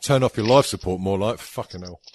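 A man's voice: on the low side, fairly quick, noisy background. A man co-hosting a podcast, teasing and sarcastic. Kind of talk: casual chat.

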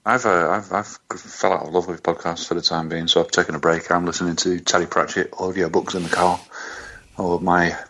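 A man co-hosting a podcast, with a dry, halting, sweary way of talking. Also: sits low, level tone, bright, forceful tone. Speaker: podcast co-host. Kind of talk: casual banter. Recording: dull lo-fi sound.

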